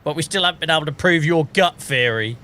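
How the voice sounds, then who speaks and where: A British gaming streamer chats casually and rants while playing, often laughing at his own jokes. His British English voice is on the high side, quick, pushed and bright, with slight background noise.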